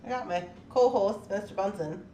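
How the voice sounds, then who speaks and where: At a normal pace and medium pitch, a woman livestream host chats casually one morning from her home workroom, welcoming viewers by name and jokingly teasing her cats. Background noise is noticeable.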